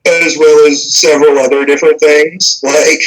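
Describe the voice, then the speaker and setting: A man's voice: a little high, little pitch movement, normal speed, fairly bright tone, faint music behind, low-quality recording. A young man narrating a tabletop game as game master, casual and hesitant, full of fillers.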